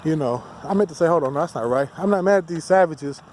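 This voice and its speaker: A man's voice: a little high, quick pace, a little mellow, a little hiss or hum. A man delivering a heated, profane, rambling rant as a solo vlogger. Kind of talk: ranting monologue to camera.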